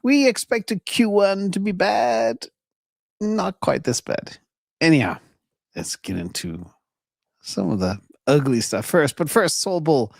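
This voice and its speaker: Male market-show host, lively and emphatic, voice going hoarse, close dry mic. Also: fairly high pitch, normal speed, dry recording. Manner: lively, emphatic, chuckles between points. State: losing his voice. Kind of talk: casual market commentary.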